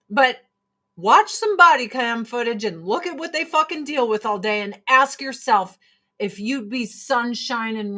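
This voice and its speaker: A woman in her forties hosting a livestream, talking in a fairly high, bright, forceful voice. She rants with a lot of swearing and drops into mocking voices to mimic people. Her manner stays loose, blunt and animated. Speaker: livestream host selling products. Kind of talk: casual livestream rant.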